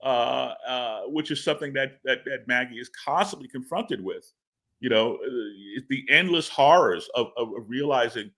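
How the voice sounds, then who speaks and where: A man's voice: mid-range voice, normal speed, bright, forceful tone. A man talking as a guest in a casual interview, rambling and stammering with repeated words and laughs. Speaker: comic book writer interviewed as guest.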